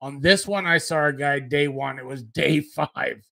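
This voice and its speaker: A man talks over a video call on a live show, griping in a steady, insistent way. His voice is bright and a little tense, pitched slightly high. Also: a little slow, creaky. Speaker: podcast co-host. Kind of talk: casual live-stream chat. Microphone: video call mic.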